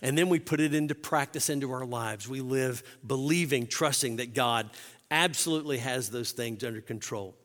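A man's voice: medium pitch, normal speed, fairly bright tone, big-room sound. A man preaching a sermon as pastor, earnest and building to impassioned emphasis.

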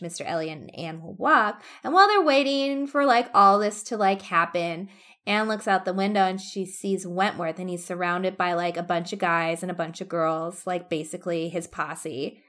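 A young woman co-hosting a casual book discussion, animated, laughing often and swearing casually. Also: fairly low pitch, normal speed. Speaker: podcast co-host.

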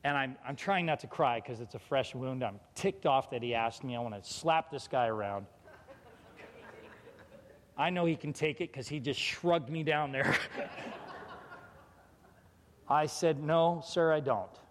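A man, a pastor, telling a personal faith story with animated feeling, acting out the people in it. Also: medium pitch, unhurried, pauses often, big-room sound, a little hiss or hum. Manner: emotional, animated, quotes people in dialogue. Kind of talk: storytelling testimony.

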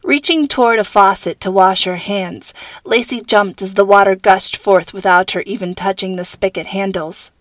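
A woman host narrating her own fiction in a calm, measured storybook manner. Her voice sits mid-range. The recording is dry and close. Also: medium pitch, no room sound. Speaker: podcast host and author.

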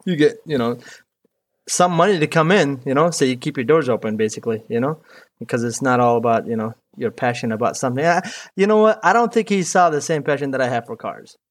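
A man's voice: mid-range voice, quick pace. Young man, from Iraq, casual interview talk, rambling, laid-back. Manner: loose and rambling, full of "dude" and "you know". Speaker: mechanic guest.

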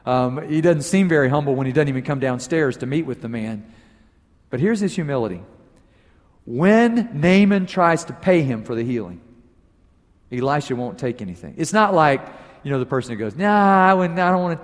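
A man preaching a sermon as pastor, telling a story with animated emphasis, his voice swinging from loud peaks to low asides. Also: fast. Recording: long reverb of a large hall.

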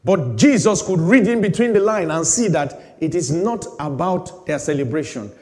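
A pastor delivers his sermon with sudden swings from loud, raised bursts down to low, slow emphasis. His voice sits a little high for a man. It rings out with a long reverb, as though filling a large hall. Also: expressive.

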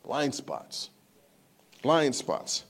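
A man's voice: medium pitch, very slow, creaky, breathy edge. A man in his thirties preaching a sermon, telling a story with rising intensity and asking the congregation rhetorical questions. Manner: animated storytelling, rising to emphatic outbursts, rhetorical questions to the crowd. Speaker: pastor.

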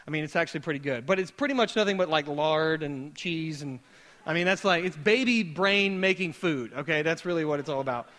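Man preaching, thirties, high bright voice, storytelling with jokes to a congregation. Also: a little fast. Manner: casual, joking, animated storytelling. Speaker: pastor. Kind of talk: conversational sermon with humor. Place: church hall before a live audience.

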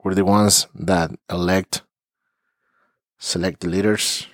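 In a deep voice with fairly even intonation, a therapist hosting a podcast speaks slowly through a heartfelt monologue. He is earnest and emotional, frequently repeating words as he hunts for them. The sound is studio quality with no room sound.

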